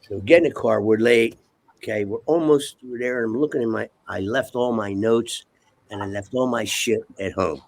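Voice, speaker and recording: Gravelly older man telling rambling stories. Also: fairly low pitch, moderate pace. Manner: profane, rambling, keeps asking okay?. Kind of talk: casual storytelling.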